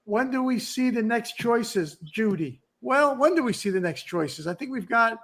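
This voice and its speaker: Chatty host with a high-set voice. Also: male voice, lively intonation, moderate pace, a bit bright. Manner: chatty, rambling, frequent restarts and asides. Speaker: podcast host. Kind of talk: casual chat.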